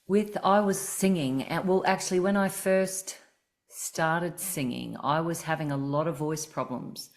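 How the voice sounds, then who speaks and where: A woman's voice: low voice, unhurried. A woman singing teacher hosting a podcast, explaining voice technique earnestly in casual chat.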